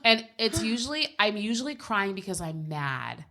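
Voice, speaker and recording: Woman podcast co-host, candid and blunt, swears freely, recorded at home, mid-pitched, chatty storyteller. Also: big pitch swings, moderate pace, bright, forceful tone. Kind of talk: casual chat.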